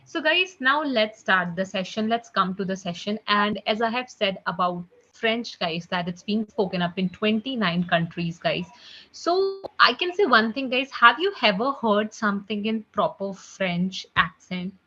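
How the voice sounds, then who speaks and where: A woman's voice: medium pitch, expressive, unhurried, bright, forceful tone. A woman tutoring a live online French class, chatty and repeating "guys" and "okay" often, heard over a video call. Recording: muffled video call audio.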